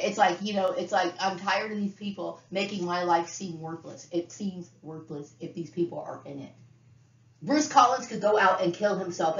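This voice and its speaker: A middle-aged woman giving an unscripted monologue to camera, talking bluntly, profanely and in circles. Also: on the low side. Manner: blunt, profane, repetitive ranting. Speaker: vlogger. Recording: roomy, dull lo-fi sound.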